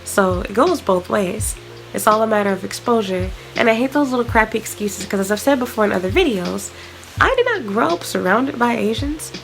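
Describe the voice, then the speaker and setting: Frank ranting woman with a gravelly edge. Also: on the high side, animated, fairly quick, faint music behind, rough recording. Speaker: vlogger. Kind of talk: ranting vlog to camera.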